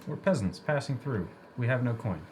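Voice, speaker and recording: A man's voice: medium pitch, expressive, moderate pace, darkish tone, a little hiss or hum. A man talking casually as a player in a tabletop role-playing game.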